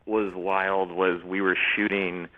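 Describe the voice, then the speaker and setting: A man in his forties, a guest on a talk show, telling lively stories and laughing often. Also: low voice, slow, phone-quality sound. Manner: animated storyteller, laughs often, slips into quoted voices. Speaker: actor and guest. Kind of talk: casual interview chat.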